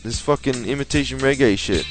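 A man's voice: medium pitch, a little fast, over music. A man co-hosting a radio prank show, crude and loose in his banter.

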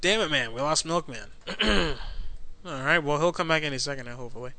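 A man's voice: a little high, animated, fairly quick, gravelly, bright, forceful tone, soft background music. A man hosting a prank call show, laughing often and talking crudely between calls. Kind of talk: crude casual banter.

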